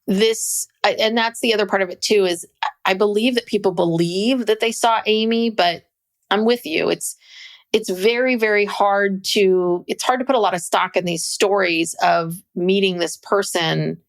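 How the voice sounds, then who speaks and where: A woman's voice: mid-range voice, normal speed. A woman co-hosting a podcast, talking in a chatty, loose way with many restarts. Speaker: podcast co-host. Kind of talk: casual chat.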